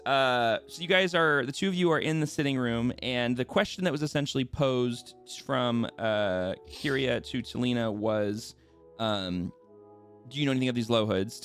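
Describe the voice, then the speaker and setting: A man's voice: mid-range voice, normal speed, clear, resonant tone, faint music behind. A man acting as dungeon master, narrating scenes and ruling on spells in a self-deprecating, hesitant way full of fillers. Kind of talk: narrating and ruling a tabletop game.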